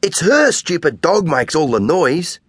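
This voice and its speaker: A man's voice: a little high, big pitch swings, measured pace, a bit bright, husky, dry recording, studio quality, pitched above the performer's own voice, exaggerated voice. A man voicing an eager, gossipy young schoolgirl skateboarder in an audiobook. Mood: indignant.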